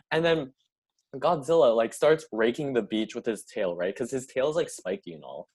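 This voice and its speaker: A man's voice: fairly high pitch, lively intonation, unhurried, pauses often, a little mellow, slightly rough. Rambling young man telling a story. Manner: rambling, heavy filler "like". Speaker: podcast co-host. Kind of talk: casual storytelling.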